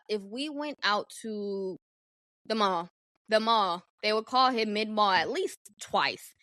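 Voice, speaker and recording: A young adult woman hosting a solo podcast, telling a personal story in a candid, animated, profane way. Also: mid-range voice, takes it slowly, dry recording, studio quality. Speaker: podcast host.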